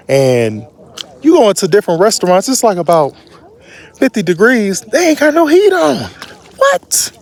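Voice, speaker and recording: A man casually narrating his own travel vlog, slangy and animated, his voice jumping up in surprise. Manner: animated, slangy storyteller with big pitch jumps. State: short of breath at altitude. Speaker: travel vlogger.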